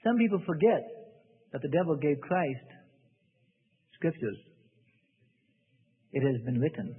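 A man preaching a sermon in an animated way, acting out the voices of people praying. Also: a little high, husky. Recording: phone-like sound in a reverberant hall.

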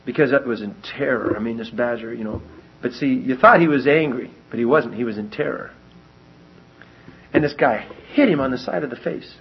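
A man preaching a sermon, telling stories with lively animation and repeating lines for emphasis. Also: medium pitch, brisk, slightly rough. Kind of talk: sermon with personal storytelling. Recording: dull lo-fi recording.

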